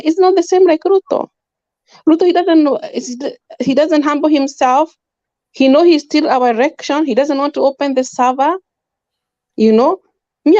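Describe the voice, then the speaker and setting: A woman with a Kenyan accent speaks with fervent, repetitive emphasis. Her voice sits high, and it is captured close and dry. The audio is dull and lo-fi. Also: a little mellow, no room sound. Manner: emphatic, repetitive, mixes in Swahili. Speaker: panel guest. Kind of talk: impassioned political opinion.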